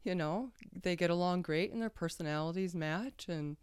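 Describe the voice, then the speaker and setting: A woman's voice: lowish voice, normal speed, a little mellow, clear, resonant tone, dry recording, studio quality. A woman guest on a podcast telling a personal story casually, rambling and hesitant with many fillers and restarts.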